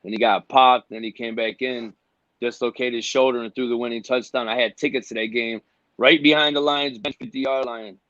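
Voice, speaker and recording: A man telling a story in a relaxed, slangy way, calling people bro. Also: medium pitch, normal speed, no room sound. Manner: laid-back, says bro a lot. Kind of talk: casual chat. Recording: dry, dull lo-fi sound.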